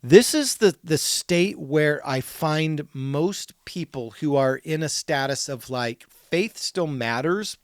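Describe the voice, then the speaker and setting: A man hosting a podcast, talking through a Bible passage in a relaxed, conversational way, often repeating words and saying "like". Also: on the high side, slow, few pauses, no room sound, clean studio sound. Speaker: podcast host teaching on scripture.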